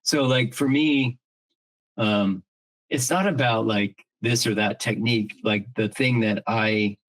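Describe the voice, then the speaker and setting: A man's voice: fairly low pitch, steady tone, takes it slowly, poor audio. Earnest middle-aged man thinking aloud. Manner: earnest, reflective, thinks aloud with many restarts; swears casually. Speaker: podcast co-host. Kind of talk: casual conversational chat.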